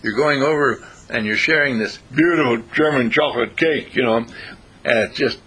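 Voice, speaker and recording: Brief: male storyteller, very husky voice, bright and forceful, swings all over his pitch while acting out quotes. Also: moderate pace. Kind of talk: casual advice monologue.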